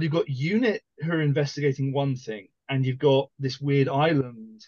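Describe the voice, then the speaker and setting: A man talks through his pick on a book podcast, pausing and restarting often. The sound is dry and close. The audio is a bit muffled and lo-fi. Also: mid-range voice, darkish tone, no echo. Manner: hesitant, many fillers and restarts. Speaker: podcast co-host. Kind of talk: casual book discussion.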